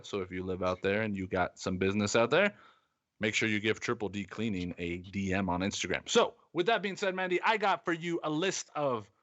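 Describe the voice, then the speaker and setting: This sports podcast host has a lowish voice, and the recording has its highs cut off. Lively and quick to laugh, he gives an ad read in an offhand way and then quizzes his co-host amid plenty of laughter in a casual sports quiz chat.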